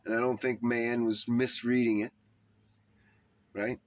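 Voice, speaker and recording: A man's voice: mid-range voice, flat delivery, unhurried. A man delivering a heated, profane rant, putting heavy emphasis on his words and tone. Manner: heated, emphatic, swearing often. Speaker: religious commentator.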